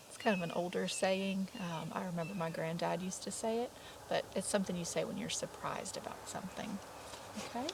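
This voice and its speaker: Reading a picture book to young children over a noisy background, a woman kindergarten teacher speaks briskly in a fairly low, gravelly voice. She pauses to chat, quizzes the children, and does voices for the characters.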